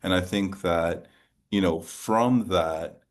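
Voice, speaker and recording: A man from New Orleans hosting an interview in a conversational way, often rephrasing and circling as he shapes his questions. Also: sits low. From New Orleans, USA. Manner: halting, rephrases a lot while forming questions. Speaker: interview host.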